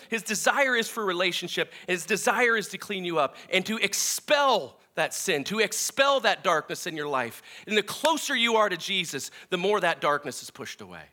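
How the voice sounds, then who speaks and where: A man preaching a sermon, earnest and emphatic, often restarting his phrases and swinging between loud and soft. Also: sits high, animated, normal speed, hardly any pauses. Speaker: pastor.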